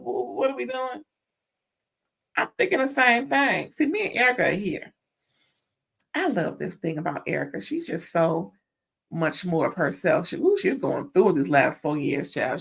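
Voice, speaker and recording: A woman's voice: mid-range voice, gravelly, husky. A chatty woman, recapping a reality show in a loose, talkative way. She stretches out her exclamations and keeps up a friendly back-and-forth with her viewers, in a medium voice. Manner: chatty, animated, drawn-out exclamations like "girl" and "mm-mm". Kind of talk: casual chat recap.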